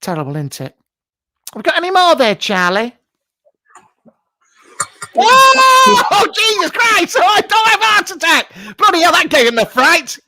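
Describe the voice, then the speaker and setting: Heavy background noise surrounds a man's high voice, which swings hugely in pitch and moves fairly quickly, broken by long pauses. He is playing a brash, camp, middle-aged TV psychic, blunt and rude, hosting live from a home garage, shouting greetings in a mock-mystical style for a comic improvised stream.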